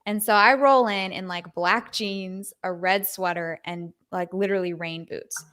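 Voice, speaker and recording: A woman's voice: medium pitch, fairly even intonation, unhurried, fairly bright tone. A woman guest on a podcast, chatting casually over a video call and telling stories with lots of "like". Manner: chatty, laughing storyteller with many "like" fillers.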